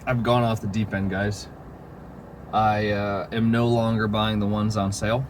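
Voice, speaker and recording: A low-pitched man talks to his viewers in a slow, unhurried ramble, full of filler words and the occasional curse. The recording is noisy, with vehicle sounds running underneath. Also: flat delivery. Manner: rambling, filler-heavy, swears and laughs. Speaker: vlogger. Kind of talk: casual chat to camera.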